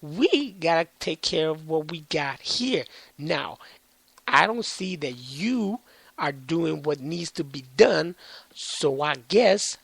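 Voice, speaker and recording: A man's voice: a little high, expressive, slow pace, vocal fry, fairly bright tone, breathy edge, dry recording, pitched above the performer's own voice, exaggerated voice. A man voicing a cocky male alien warrior general who talks in swaggering, profane slang. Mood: defiant.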